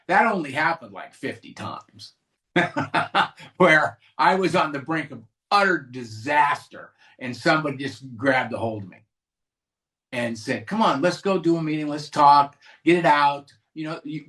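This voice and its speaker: Guy from california sharing his story at a recovery meeting, kinda high voice, talks loose and candid. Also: fairly bright tone. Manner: candid storytelling with frequent restarts and asides. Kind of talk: personal recovery share to a live group.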